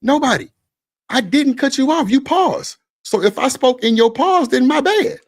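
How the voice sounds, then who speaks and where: A man's voice: very high-pitched, animated, normal speed. A man hosting a heated panel discussion, arguing back, repeating himself and talking in casual slang. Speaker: host.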